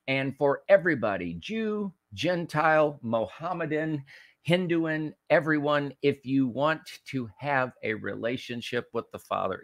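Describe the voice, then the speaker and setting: A man hosting a talk program, reading scripture and preaching commentary in an emphatic way, often restarting and repeating words and slowing down to stress key phrases. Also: medium pitch, a bit bright, dry recording, clean studio sound. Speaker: host of a political talk show.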